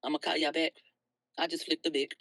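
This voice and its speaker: Livestream host, a woman with a bright voice and a dry close sound, speaking in a blunt, profane rant. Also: low voice, level tone, a little fast, dry recording, rough recording. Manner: blunt, profane, swings from soft to loud. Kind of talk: emotional early-morning livestream rant.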